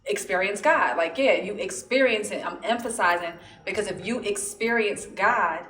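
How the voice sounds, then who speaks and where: Earnest woman host, mid-pitched voice, talks things through with simple examples, recorded in a roomy space. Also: normal speed, fairly bright tone. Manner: earnest, explains with everyday examples. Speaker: podcast host. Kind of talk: casual podcast chat.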